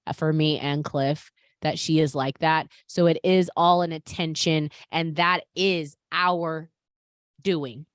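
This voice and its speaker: A woman hosting a podcast in casual chat, animated and talking straight to her listeners. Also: sits low, no room sound, studio quality. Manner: animated, talks to listeners as "you guys". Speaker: podcast host.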